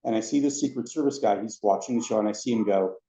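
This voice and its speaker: A man telling anecdotes as a podcast guest, a lively storyteller who acts out the other people in his stories. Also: lowish voice, fast talker, gravelly. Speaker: podcast guest, former theme park ride attendant. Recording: roomy, dull lo-fi sound.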